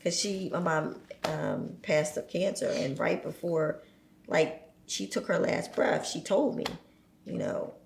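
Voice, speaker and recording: A woman in a casual podcast conversation, speaking in a reflective, measured way with many fillers. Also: deep voice, lively intonation, vocal fry. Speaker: podcast guest. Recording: echoey room with faint noise.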